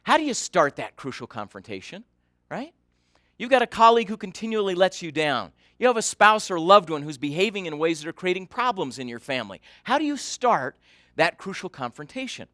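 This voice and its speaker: Fairly quick in delivery, a man gives a keynote in a bright, ringing voice a little above the usual male pitch. He tells his story with energy and repeatedly asks the crowd questions, all captured close and dry with no room around it.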